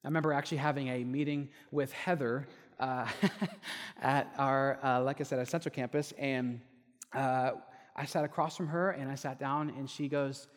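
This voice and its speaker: A man's voice: medium pitch, normal speed. Man, young adult, pastor, sermon, storytelling, long hall reverb. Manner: storytelling, animated when quoting others. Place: church hall.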